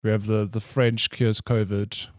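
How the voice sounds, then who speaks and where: A man with a South African accent co-hosting a casual podcast over a call, easily amused and chiming in with quick, playful asides. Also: fairly low pitch, level tone, a little mellow, dry recording, clean studio sound. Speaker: podcast co-host. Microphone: remote call mic.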